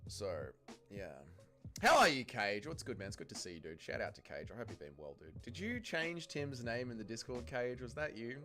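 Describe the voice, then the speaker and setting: A man's voice: mid-range voice, normal speed, soft background music. A man from Melbourne with an Australian accent, hosting a casual livestream and joking through viewer comments. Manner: joking, crude, lively banter with chat. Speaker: livestream host.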